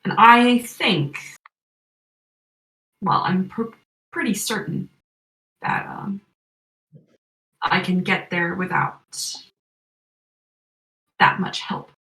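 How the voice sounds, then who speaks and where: A woman voicing a scheming male villain who experiments on people, speaking in a calm, patronizing way with a slightly hoarse throat. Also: medium pitch, very slow, long pauses, echoey room, recorded from a distance, heavily acted, low-quality recording. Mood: calm menace. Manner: calm, patronizing, quietly menacing.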